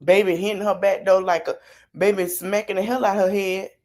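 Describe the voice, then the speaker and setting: A woman's voice: medium pitch, little pitch movement, a little fast, darkish tone. Sassy, blunt woman streamer. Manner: sassy, blunt and mocking, slangy. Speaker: podcast host reacting to a video. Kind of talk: livestream commentary.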